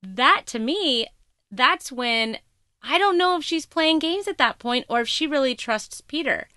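A woman co-hosting a podcast, recapping a TV episode in casual, emphatic, animated storytelling. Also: high-pitched, measured pace, no echo, studio quality. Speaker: podcast co-host.

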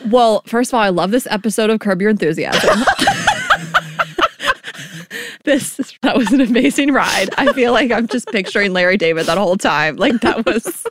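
A woman's voice: mid-range voice, animated, fairly quick, hardly any pauses, background noise. A young woman co-hosting a podcast in casual chat, teasing and blunt, laughing often. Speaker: podcast co-host.

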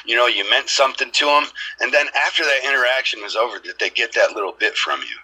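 A man's voice: medium pitch, quick pace, pushed and bright, husky, poor audio. A man telling rambling stories in a casual podcast chat, swearing freely.

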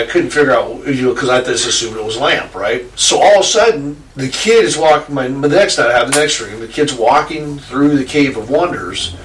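A man's voice: mid-range voice, fairly bright tone. A man telling a rambling story to a friend, laughing and swearing casually. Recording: echoey room, distant mic, faint noise.

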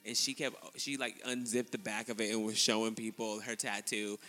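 A man co-hosting a podcast, telling a story in casual chat, laughing often and acting out quotes in a high voice. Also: little pitch movement, normal speed, pushed and bright, long reverb tail. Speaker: podcast co-host.

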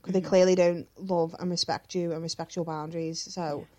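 A woman's voice: fairly low pitch, little pitch movement, a little fast, a little mellow. A woman co-hosting a casual chat podcast, reading out listener questions and answering them frankly with plenty of swearing and filler words.

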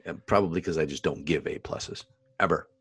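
A very deep-voiced man co-hosts a casual podcast. He talks in an animated, chatty way and laughs often. His voice sounds dry and close, with no room around it. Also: fairly quick, breathy edge, no room sound. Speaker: podcast co-host, expectant father. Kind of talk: casual chat.

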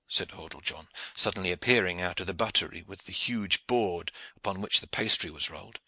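Male audiobook narrator; bright, expressive, dry close sound. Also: low-pitched, brisk, hardly any pauses, husky, dry recording. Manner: steady storybook reading.

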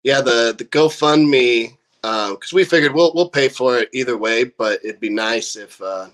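A young Californian band member tells a casual, profane story, animatedly acting out quotes along the way. His voice is mid-range and unhurried.

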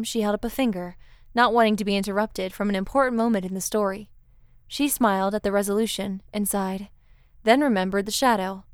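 Calm, clear-voiced woman storyteller. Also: medium pitch, no room sound, clean studio sound. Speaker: narrator. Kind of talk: scripted story narration.

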